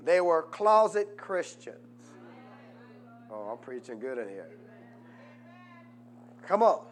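A man pastor preaching a sermon and drawing answers from the congregation, swinging from quiet asides to loud, fervent peaks. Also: on the high side, very animated, takes it slowly. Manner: rises to loud preaching, asks congregation "what?". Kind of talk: call-and-response sermon.

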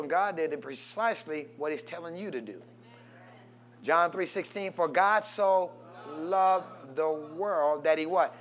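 High-voiced call-and-response preacher, a man. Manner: swings between loud peaks and soft low passages. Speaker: pastor. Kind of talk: sermon.

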